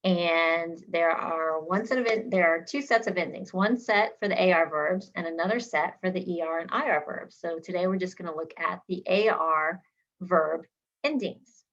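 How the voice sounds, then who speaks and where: A woman's voice: lowish voice, a bit bright. Woman teaching Spanish verb endings. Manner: clear, deliberate drilling of word endings. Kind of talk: language lesson. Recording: slightly dull lo-fi sound.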